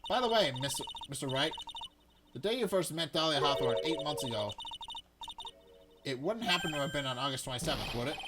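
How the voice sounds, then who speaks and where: A man voicing a calm, sharp young woman defense attorney. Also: fairly high pitch, heavy background noise, close to an everyday voice. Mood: probing. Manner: measured, probing.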